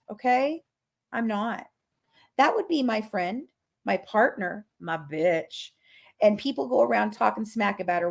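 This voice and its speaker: A woman's voice: medium pitch, vocal fry, a bit bright. A woman hosting a podcast, telling a story in a casual rant that is profane, emphatic and dramatic. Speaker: podcast host.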